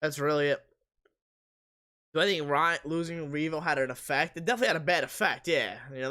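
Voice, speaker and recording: A man hosting a live sports stream, casually reading viewer comments aloud and answering them while his voice is going hoarse. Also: medium pitch, bright, forceful tone.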